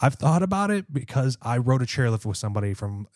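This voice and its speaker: Young Midwestern guy co-host, warm mellow tone, dry close sound, chatty and laughing. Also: mid-range voice, big pitch swings, quick pace, no echo. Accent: American Midwest. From American Midwest. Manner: laughs easily, chatty storytelling. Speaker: podcast co-host. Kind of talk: casual chat.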